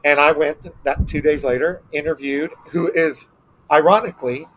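A middle-aged man from Texas, a guest telling animated stories in a casual interview, acting out quotes as he goes. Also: on the high side, normal speed. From Texas, United States. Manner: animated anecdotes with acted-out quotes.

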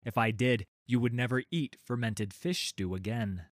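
A man's voice: mid-range voice, fairly even intonation, moderate pace, no room sound, clean studio sound. A man narrating a children's storybook, with wry, playful asides to his listeners.

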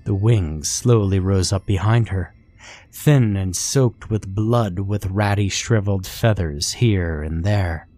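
A man reading a scripted horror story aloud in a slow, measured way. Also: low voice, dark tone, no room sound. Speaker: narrator.

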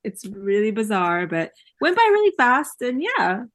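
A woman's voice: mid-range voice, very animated, a little slow, fairly bright tone, no room sound. A woman co-hosting a casual movie podcast, laughing often as she talks. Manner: giggly, laughs often while talking. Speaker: podcast co-host. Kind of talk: casual movie recap chat.

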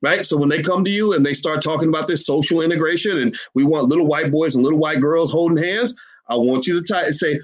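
A finance commentator speaks fast in a slightly high voice, and the recording's highs are cut off. He delivers emphatic livestream commentary to his chat, driving points home with repeated rhetorical questions.

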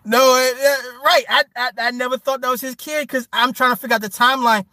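A man giving a crude, joking rant to his stream viewers, laughing often, with his pitch swinging up and down. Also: little pitch movement, a little fast, bright, forceful tone, no room sound.

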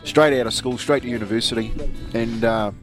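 A middle-aged New Zealand man chats through a radio show, spinning stories and laughing along as he goes. His voice sits at an ordinary pitch, with soft music playing faintly beneath. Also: steady tone, fairly quick. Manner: chatty storyteller, laughs often. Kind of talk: casual chat.

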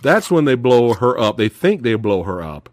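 A man hosting a casual film review chat, excitable and swearing freely, laughing often as he retells scenes. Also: mid-range voice, moderate pace. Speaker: podcast host reviewing films.

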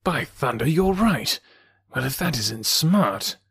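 A man's voice: medium pitch, lively intonation, slow pace, fairly bright tone, husky, no room sound, full character voice. Man reading a plainspoken impatient young heir, straight talk, dry storybook reading. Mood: blunt. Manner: blunt, forthright, plain-talking.

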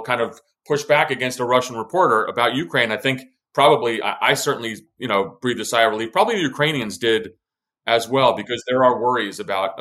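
A man's voice: medium pitch, pushed and bright. Emphatic man, former intelligence officer. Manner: emphatic, many restarts and fillers. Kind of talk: podcast conversation.

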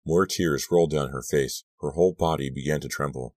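A man narrating an audiobook in a measured, dramatic first-person reading. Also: rumbling low, darkish tone, no echo, studio quality. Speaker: audiobook reader.

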